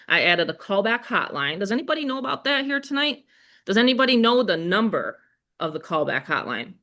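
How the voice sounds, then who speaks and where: A middle-aged woman with a Western New York accent, hosting a live webinar in an energetic, chatty way and talking straight to her audience. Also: medium pitch, brisk. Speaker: webinar host. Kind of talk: live sales webinar chat.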